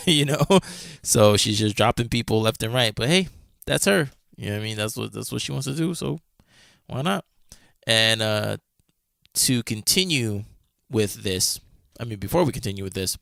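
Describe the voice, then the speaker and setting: Recorded cleanly in a studio with no echo, a man with a lowish, slightly bright voice co-hosts a podcast. He recounts a friend's story loosely, peppering it with fillers and restarts and voicing the quoted lines.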